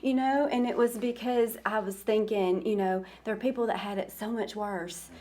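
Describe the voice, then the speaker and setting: A woman's voice: mid-range voice, fairly even intonation, a little mellow. A woman, a school principal, talks with a podcast host in a casual interview, often stumbling and repeating her words as she begins. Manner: halting, repeats words when starting sentences.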